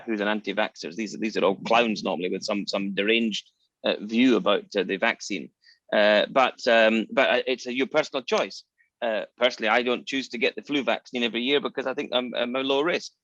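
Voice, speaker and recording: A man's voice: mid-range voice, fairly bright tone, no echo, lo-fi sound. A man co-hosting a podcast, giving strong opinions with lots of ums and restarts. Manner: opinionated, hesitant with many fillers. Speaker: co-host. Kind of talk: casual podcast chat.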